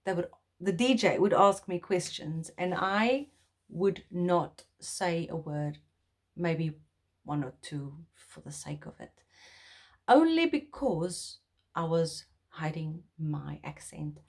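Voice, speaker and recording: Slow-talking South African woman vlogger. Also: on the low side, animated. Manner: earnest, heartfelt, rambling with restarts. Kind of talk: personal talk to camera.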